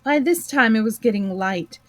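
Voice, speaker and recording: A woman reading a children's story aloud, bringing the characters to life with lively voices. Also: on the high side, moderate pace, slight background noise, low-quality recording.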